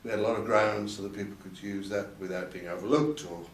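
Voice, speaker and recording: Speaking fast in a lowish voice with fairly even intonation, an older man recalls his past in a candid interview at an event venue, hesitating, repeating words, and lifting his voice to quote others. A distant mic gives a roomy sound with faint ambience and a little hiss or hum.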